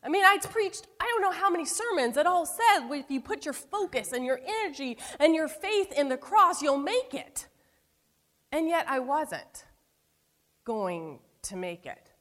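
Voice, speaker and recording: A woman pastor delivering a sermon, telling a personal story with emphatic phrases that drop to hushed, slow endings. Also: very high voice, animated. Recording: long hall reverb.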